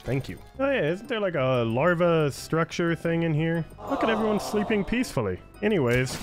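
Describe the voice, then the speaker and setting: Lively playful gaming YouTuber, a man. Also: on the high side, moderate pace. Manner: playful, teasing the game's creatures. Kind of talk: let's play commentary. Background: game music.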